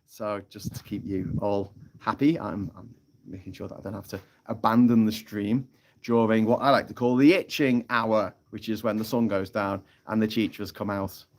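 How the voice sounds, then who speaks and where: A man's voice: fairly low pitch, steady tone, normal speed. A man chats loosely to a live stream audience, rambling through a story with plenty of laughs and the odd curse word. He is talking into a phone outdoors on an island. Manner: chatty storytelling with frequent laughs and swearing.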